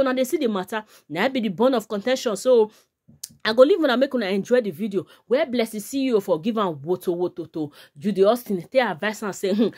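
A woman's voice: mid-range voice, darkish tone. A woman with a Nigerian Pidgin accent, hosting a gossip vlog and chatting and scolding between short laughs. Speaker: gossip vlogger. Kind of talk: casual commentary to viewers.

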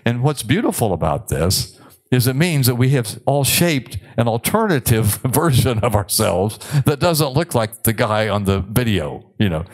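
An older man, a psychiatrist giving a conference lecture in a conversational, wry way, with many filler pauses. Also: on the low side.

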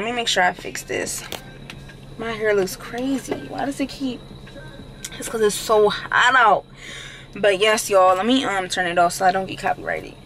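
A young woman vlogging from her car, chatting to her viewers in an animated, slangy way and swearing casually. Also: a little high, slight background noise, low-quality recording. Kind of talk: casual chat to camera.

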